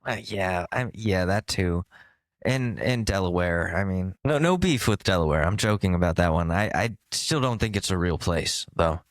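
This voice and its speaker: A man's voice: deep voice, animated, normal speed, no echo. A man co-hosting a podcast in casual comedic chat, rambling and jokey, often launching into bits. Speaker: podcast co-host.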